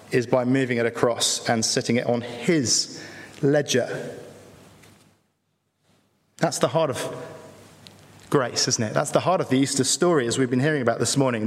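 A man preaching an earnest sermon in church, pausing between phrases and using rhetorical tag questions. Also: mid-range voice. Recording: echoey hall reverb.

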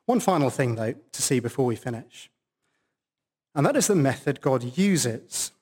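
A man's voice: medium pitch, sing-song, measured pace, a little mellow. A man preaching a sermon at a church service, stressing key words for emphasis.

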